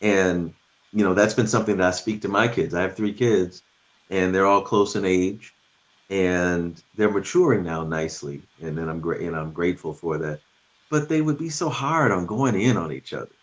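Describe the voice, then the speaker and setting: A man's voice: deep voice, moderate pace. A middle-aged man talking about respect as a guest on a talk show, earnest and thoughtful, with frequent restarts. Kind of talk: reflective conversation.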